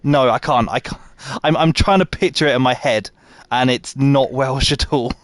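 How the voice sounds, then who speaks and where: A man's voice: medium pitch, moderate pace, no echo. A man livestreaming a game, chatting with his viewers and laughing at himself. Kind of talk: live gameplay chat.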